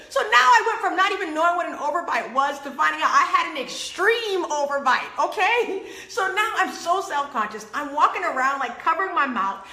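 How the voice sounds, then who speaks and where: A woman hosting an inspirational faith talk, telling stories with acted-out quotes and lively laughter. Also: high-pitched, a little fast, few pauses, reverberant. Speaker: host.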